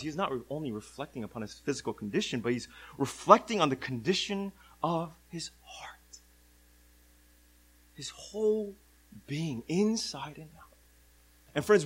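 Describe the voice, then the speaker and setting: A young adult man preaching a sermon, moving between hushed lines and loud, drawn-out cries. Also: a little high, husky, low-quality recording.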